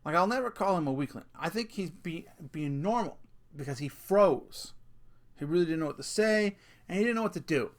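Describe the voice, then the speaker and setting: A man's voice: on the high side, lively intonation, a little fast. A middle-aged man vlogging a casual rant, telling a story with swearing and laughing at himself.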